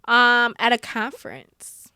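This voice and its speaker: Playful high-voiced woman podcast host. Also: slow, sharp tone, clean tone, dry recording, clean studio sound. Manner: playful, laughs often, dialect speech. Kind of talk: casual chat, playing a question game.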